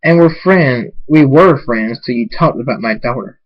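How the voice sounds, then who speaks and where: A man's voice: medium pitch, lo-fi sound, close to an everyday voice. Man playing a cold, taunting pony villain. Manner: flat, taunting, unhurried.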